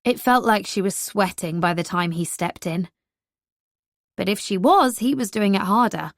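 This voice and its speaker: A woman reading an audiobook narration in a wry, even storytelling manner. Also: lowish voice, normal speed, gravelly, no echo, studio quality.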